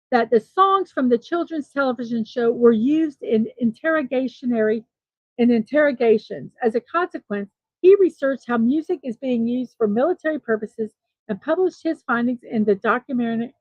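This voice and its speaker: Woman host, fairly high voice, reading daily trivia notes with asides; dry, slightly muffled lo-fi sound. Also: no room sound. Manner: reads from notes with small personal asides. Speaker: host of a daily morning show.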